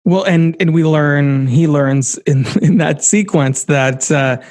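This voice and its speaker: A man's voice: fairly high pitch, slow pace, darkish tone, no room sound, clean studio sound. A man in a casual film-discussion podcast, retelling scenes with enthusiasm and open emotion.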